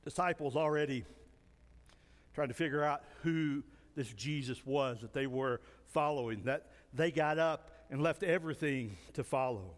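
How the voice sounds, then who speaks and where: Man, high voice, pastor, sermon with interpreter, storytelling, long hall reverb. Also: moderate pace. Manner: storytelling, acts out dialogue.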